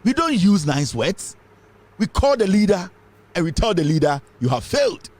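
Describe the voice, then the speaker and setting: Fiery Ghanaian man, high lively voice. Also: normal speed. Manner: impassioned, mixing Twi and English. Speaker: political commentator. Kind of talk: heated political commentary.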